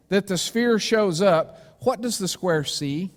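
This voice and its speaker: A male preacher giving a sermon, telling a story with lively acted-out voices for its characters. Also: high-pitched, takes it slowly, big-room sound. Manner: animated storytelling, acting out voices for shapes. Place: church sanctuary.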